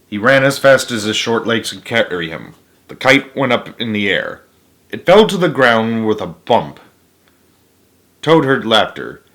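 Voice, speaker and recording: A man's voice: on the low side, measured pace. A man reading a children's picture book aloud, adding playful asides. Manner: animated, with asides to listeners. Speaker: storybook reader.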